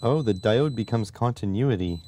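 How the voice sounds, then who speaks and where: Casual streamer: low, dark-toned man, relaxed musing delivery with fillers, faint noise behind. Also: moderate pace. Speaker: streamer testing electronics. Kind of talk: casual livestream chat.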